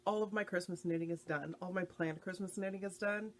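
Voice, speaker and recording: A woman's voice: lowish voice, fairly even intonation, fast, slight background noise. A woman from the United States hosting a podcast about knitting, chatting in an easygoing way. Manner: chatty and easygoing, with frequent fillers. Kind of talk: casual podcast chat.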